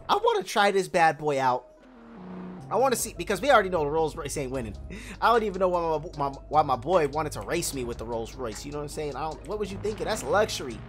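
A young man who has kids hosts a gaming video, giving hyped, slang-heavy commentary to viewers and a friend in a high voice.

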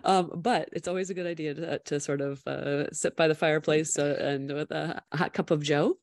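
Low-voiced bubbly woman podcast host. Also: fairly even intonation, normal speed, dry recording. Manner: bubbly, laughs often, many fillers. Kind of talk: casual interview chat.

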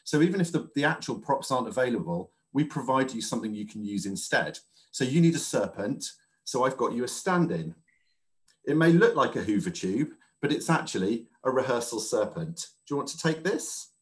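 A man working as a stage manager, speaking over a video call as a guest and explaining in a friendly, measured way. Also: medium pitch, big pitch swings. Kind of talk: interview guest.

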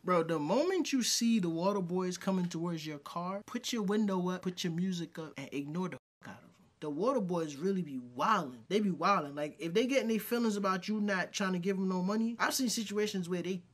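A co-host talks in casual slang and gives blunt, offhand reactions. The voice sits at a middle pitch, and the delivery is loose and conversational. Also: lively intonation, fairly quick. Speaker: podcast co-host reacting to clips. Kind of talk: casual commentary.

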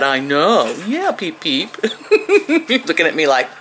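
An older woman with a drawl coos and chatters to her animals as she films at home. Her pitch leaps high and dips low as she baby-talks. A faint hiss sits under the home recording. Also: very animated, a little slow, a bit bright. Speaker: vlogger. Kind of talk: casual vlog, talking to animals.

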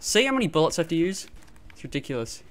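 A man giving live gameplay commentary through a gaming headset, excitable and quick to yelp and laugh in fights. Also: fairly high pitch, slight background noise. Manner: excitable, frequent yelps and laughs during fights. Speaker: gamer.

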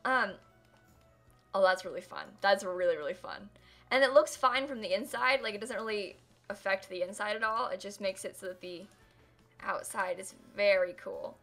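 A woman's voice: mid-range voice, normal speed, fairly bright tone. A young woman live-streaming a game build, chatting casually and laughing often as she thanks viewers. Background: faint music and keyboard typing.

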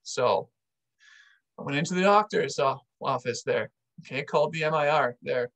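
A man's voice: mid-range voice, moderate pace, a bit bright, rough recording. A man, an army veteran, casually telling a personal story to camera and acting out the dialogue with animation.

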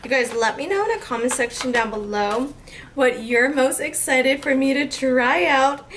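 A woman's voice: high-pitched, moderate pace, fairly bright tone, far from the mic, a little hiss or hum. A woman in her twenties gushing and squealing with delight as she unboxes a beauty haul, speaking a little off-mic. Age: 20s. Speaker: beauty vlogger.

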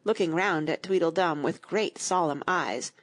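A woman reading a children's audiobook aloud in an expressive, storytelling manner. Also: fairly low pitch, normal speed. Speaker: audiobook narrator.

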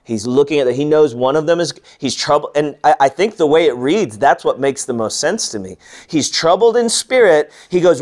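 A man teaching a bible class, earnest and lively, voicing the people he quotes and dropping to a hush for tender moments. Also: a little high, normal speed, hardly any pauses. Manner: earnest, animated when quoting, softening to hushed. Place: large room or hall.

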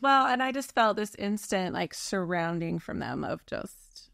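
A woman's voice: medium pitch, lively intonation, measured pace, gravelly, a bit bright, dry recording. A woman telling her personal story in a candid conversation, earnest and reflective, often restarting her sentences. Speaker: birth mother guest.

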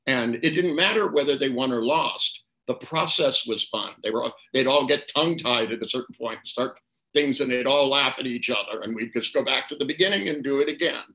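A man's voice: mid-range voice, brisk, sharp tone, low-quality recording. An older man answering questions as a guest expert, talking in loose, rambling anecdotes with fillers and restarts.

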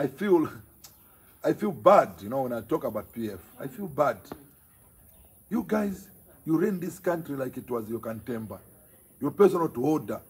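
Zambian man, party chairman, very raspy voice, fairly high pitch, emphatic, repetitive. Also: big pitch swings, normal speed, a little mellow. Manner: emphatic, scolding, repeats phrases for force. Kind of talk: impassioned political speech to the press.

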